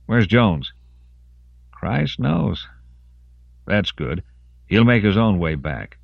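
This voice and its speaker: A man voicing an injured male soldier in an audiobook, croaking and worn out. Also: lowish voice, sing-song, drawn-out words, no echo, lo-fi sound, full character voice. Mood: weary.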